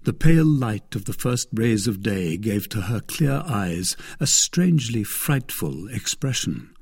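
A man narrating a classic novel as an audiobook in a measured, expressive way. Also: fairly low pitch, husky. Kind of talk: scripted narration.

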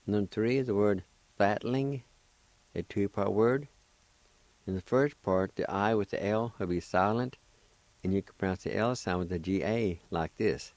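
Male radio host for a language lesson, very deep voice, unhurried and deliberate, spells and repeats syllables; dry close sound. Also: creaky, a little mellow, dry recording.

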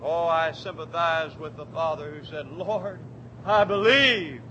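A faint rumble fills the church as a man delivers an impassioned sermon in a bright, high voice. He drops almost to a whisper with drawn-out phrases, then climbs to shouted declarations, all in lo-fi sound.

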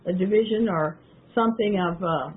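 A woman hosting a radio show, reading aloud from a historical speech and commenting on it in a halting way, with many ums and restarts. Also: lowish voice, slight background noise. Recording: tinny phone-like audio.

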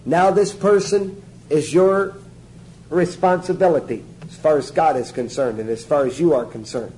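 A man's voice: on the high side, moderate pace, warm tone, a little hiss or hum, poor audio. A man giving a sermon-style teaching to a small group, emphatic and joking, repeating his instructions.

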